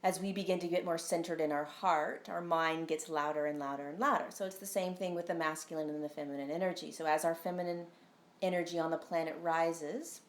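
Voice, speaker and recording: A woman's voice: deep voice, fairly even intonation, fairly quick, echoey room. A woman talking casually on a live stream as a spiritual teacher, earnest and rambling, with frequent ums and tag questions. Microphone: phone.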